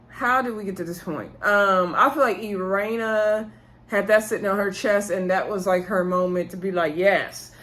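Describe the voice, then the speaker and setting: A woman's voice: mid-range voice, fairly bright tone. A woman vlogger casually recapping a reality show episode, chatty and full of filler words, acting out what people said.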